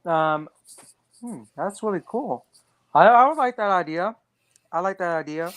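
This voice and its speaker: A chatty co-host with a smooth, clean voice, recorded close and dry with no room sound. They giggle often and keep cutting in with quick questions. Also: medium pitch, lively intonation, a bit bright, no echo. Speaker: podcast co-host. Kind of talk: casual chat.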